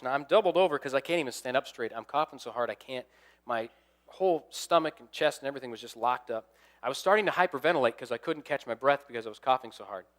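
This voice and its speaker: A young man preaching from the pulpit, his voice sitting at an ordinary middle pitch. He tells a personal story in a lively way and acts out the other people's lines as he goes. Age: young adult. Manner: animated storyteller acting out quoted dialogue. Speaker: assistant pastor. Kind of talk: storytelling sermon.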